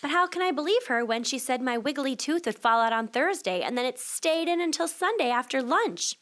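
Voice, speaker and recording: A woman teacher reading a children's picture book aloud to young listeners, expressive and switching voices for the child and the mother. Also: sits high, a little fast. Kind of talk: children's storybook read-aloud.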